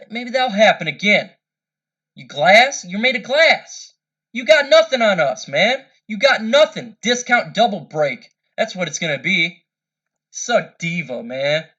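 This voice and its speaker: A man's voice: high voice, pushed and bright, muffled recording. A man delivering a heated, angry sports rant, repeating himself and stumbling over restarts. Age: older than 13-year-old's parent, adult. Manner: angry, repetitive, stammering restarts. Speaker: fan commentator.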